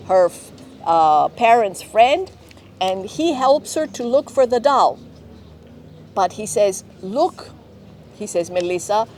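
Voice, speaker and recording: Lady teacher telling kids a story, slow and careful, a bit high voice, faint noise behind. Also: a little mellow. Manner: slow, clear, often checking with children. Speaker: teacher, director of studies. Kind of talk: storytelling to young learners.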